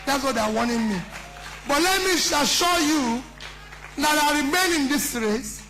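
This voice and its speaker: In a very high, expressive voice, a middle-aged man with a Nigerian accent addresses a conference as a politician, speaking a little slowly. His campaign speech is passionate and emphatic and leans heavily on rhetorical questions, and the recording quality is low.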